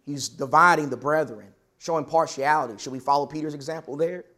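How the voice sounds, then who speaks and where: Guy preaching a bible class, earnest, slightly high voice, leans on key words. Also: bright, forceful tone. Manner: earnest, questioning, stresses key words slowly.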